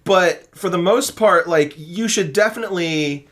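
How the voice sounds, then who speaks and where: A young man with a slightly high voice co-hosts a casual podcast. He talks fast and lively and often laughs through his own stories. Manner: animated, quick, laughing storyteller. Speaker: voice actor co-host.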